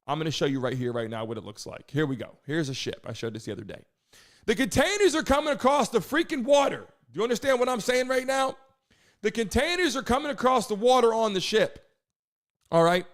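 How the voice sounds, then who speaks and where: A man hosting a live stream, hyping the chat, shouting out viewers and talking loosely with some swearing. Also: high-pitched, animated, a little fast. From United States.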